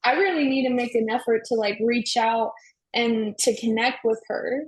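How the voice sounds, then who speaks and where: A woman's voice: on the high side, steady tone, normal speed, rough recording. A young woman guest on a podcast, talking casually with many "like"s and frequent laughter. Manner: chatty, lots of "like", laughs often. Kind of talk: casual chat.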